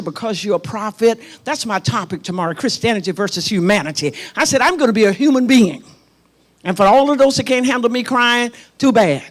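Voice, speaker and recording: A middle-aged woman pastor preaching a sermon in a church. She tells a personal story with passion and speaks straight to her congregation. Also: a little high. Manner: impassioned, personal storytelling, addresses the congregation directly. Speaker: pastor and prophet.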